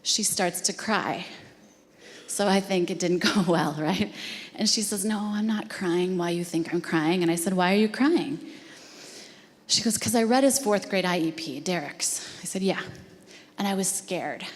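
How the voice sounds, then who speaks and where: A woman's voice: on the low side, a little slow. A woman telling an earnest, emotional story to a live audience at an education talk. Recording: long hall reverb.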